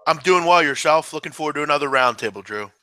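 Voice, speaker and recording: A man's voice: fairly high pitch, animated, fast, bright, forceful tone. A man breaking down a football team in casual sports analysis, talkative and often saying "I mean". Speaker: sports bettor.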